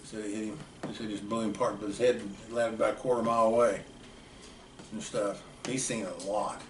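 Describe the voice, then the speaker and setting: An older American man, a plainspoken, folksy uncle, tells long family stories in a casual, rambling way. His lowish voice is flat and fairly quick. A distant mic gives the recording a roomy sound with faint background noise.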